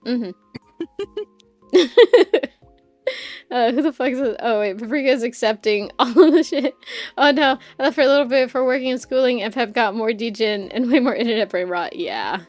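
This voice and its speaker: A woman streamer chatting casually while she draws, loud and crude, rambling and laughing often. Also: on the high side, normal speed, no echo, faint music behind.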